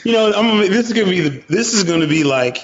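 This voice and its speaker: A man's voice: high voice, lively intonation, quick pace. A man co-hosting a podcast, talking casually and animatedly with boastful trash-talk. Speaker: podcast co-host. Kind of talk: casual chat. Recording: roomy, dull sound with faint noise.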